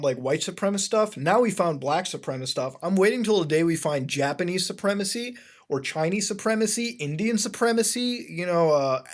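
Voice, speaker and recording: A fairly high-voiced man hosting a loose, off-the-cuff commentary as he browses odd web pages. He rambles with plenty of fillers and restarts, often sounding exasperated, and keeps calling out to his ladies and gentlemen. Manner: addresses the audience as ladies and gentlemen. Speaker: host.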